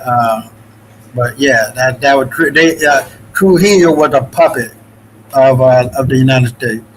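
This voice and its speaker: A man's voice: medium pitch, a little slow, slight background noise, rough recording. A man from the Dominican Republic in a casual, rambling talk-show chat, swearing freely and restarting his sentences often. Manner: loose, profane, rambling with many restarts.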